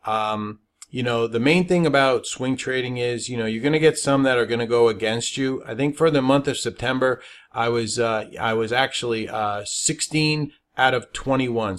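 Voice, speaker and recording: Man, trading educator, webinar talk, emphatic, repeats all right. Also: medium pitch. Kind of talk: webinar presentation.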